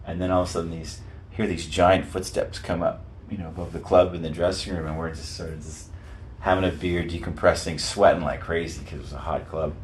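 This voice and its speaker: Brief: low-voiced male musician guest, animated storyteller, restarts often. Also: fairly quick, slight background noise. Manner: animated, rambling, lots of restarts. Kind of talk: casual interview storytelling.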